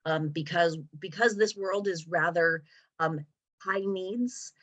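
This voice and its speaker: A woman speaks earnestly on a video call, her voice slightly low, describing her hospice work in a thoughtful tone. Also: slow pace, fairly bright tone, rough recording. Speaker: hospice worker. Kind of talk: casual chat on a video call.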